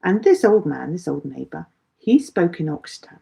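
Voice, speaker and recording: A woman's voice: fairly low pitch, sing-song, normal speed, gravelly, mellow. A middle-aged woman teaching a live online English lesson, patiently explaining with everyday examples.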